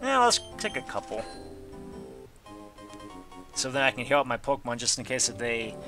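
A man's voice: mid-range voice, very animated, normal speed, over music. A man giving casual gameplay commentary, reading game text aloud and adding goofy asides. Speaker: let's player.

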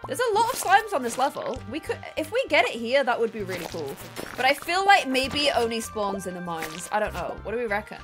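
Bubbly, high-voiced woman streaming a game. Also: very animated, fairly quick, few pauses, music in the background. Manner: bubbly, giggly, playful. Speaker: streamer and host. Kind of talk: casual live-stream gaming chat.

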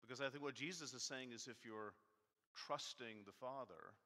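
A man's voice: medium pitch, normal speed, sharp tone. A man giving a conversational, self-deprecating sermon in a church, animating his points by mock-arguing with his text. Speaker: guest preacher. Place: church sanctuary. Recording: long church reverb.

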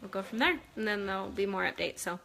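Bright-voiced woman livestreaming from home. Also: mid-range voice, fast, creaky, a little hiss or hum. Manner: earnest, chatty storytelling with restarts. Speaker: wife giving a family update to supporters. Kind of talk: casual livestream talk. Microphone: phone livestream.

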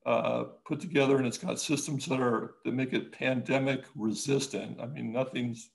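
A man, an architect, talking casually in an interview, halting with many restarts and growing lively when he tells a story. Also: mid-range voice, gravelly, poor audio. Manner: halting, many restarts and fillers, animated when telling stories.

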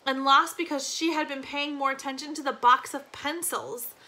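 Woman teacher reading a novel aloud. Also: high voice. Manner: expressive reading, slowing on key phrases, small slips.

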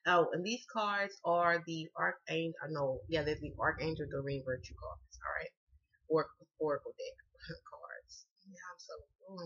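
A woman with a Southern US accent talks straight to her viewers as a tarot reader, loose, slangy and quick to cuss. Her voice sounds bright and sharp. The recording is dull and lo-fi, like a home setup. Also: mid-range voice. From Southern United States. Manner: chatty, slangy, swears freely. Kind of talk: casual tarot reading to camera.

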